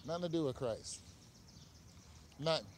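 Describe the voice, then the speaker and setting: A man hosting a live-stream show, talking casually and with animation, full of asides and quick laughs. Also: fairly high pitch, lively intonation, slight background noise. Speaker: online show host.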